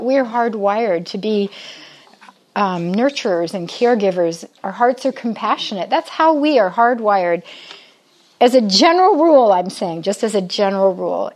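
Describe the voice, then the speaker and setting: An older woman with a slightly high voice gives a conversational Bible talk to women. She teaches in a chatty, lively way and keeps asking her audience questions.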